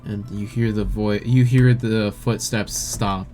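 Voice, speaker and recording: A man narrating as game master in a relaxed, halting way. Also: fairly low pitch, faint music behind. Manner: relaxed, hesitant with fillers.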